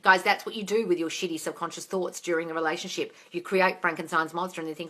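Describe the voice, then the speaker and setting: Bright-toned, frank woman hosting a live chat. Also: lowish voice, steady tone, quick pace. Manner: frank and swearing, reads out comments, calls listeners darling. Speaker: host of a manifesting Q&A live stream. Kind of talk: casual live-stream chat answering viewer comments.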